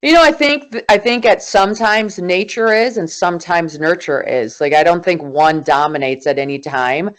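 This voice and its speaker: A woman in her forties, a guest in an interview, telling her story in an animated, emphatic way. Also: on the low side, normal speed, hardly any pauses. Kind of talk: conversational interview.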